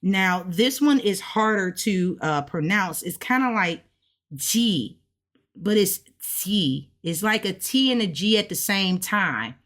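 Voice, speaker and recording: A woman learning a language who casually walks through her study notes, chatty and relaxed, often checking in with "right?". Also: medium pitch, a little slow, hardly any pauses. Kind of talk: casual step-by-step explanation.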